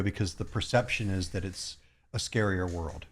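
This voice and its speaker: A man's voice: low voice, normal speed, a little hiss or hum. A man, a therapist co-hosting a podcast, reflecting in casual talk and telling wry anecdotes. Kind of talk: casual conversational storytelling.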